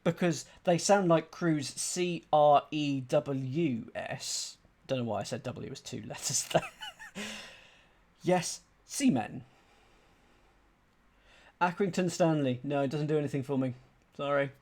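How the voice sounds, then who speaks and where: A man streaming a crossword solve, thinking aloud in a chatty, self-deprecating way and reading clues out slowly. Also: on the high side, darkish tone. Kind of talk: casual thinking-aloud commentary.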